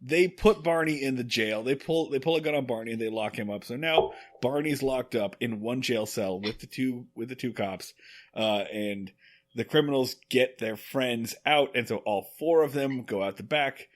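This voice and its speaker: A man co-hosting a podcast, recapping an old episode in animated, joking storytelling. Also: medium pitch, normal speed. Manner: animated storytelling with acted quotes and laughs. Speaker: podcast co-host. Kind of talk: casual chat recapping an episode.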